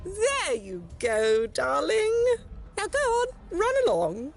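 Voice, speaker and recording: A syrupy game gentlewoman calling everyone darling while she corrects them. Her high voice leaps and dips with great animation. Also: huge pitch swings, slow, faint music behind, heavily acted. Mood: patronizing. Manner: sugary, patronizing. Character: patronizing genteel lady correcting manners.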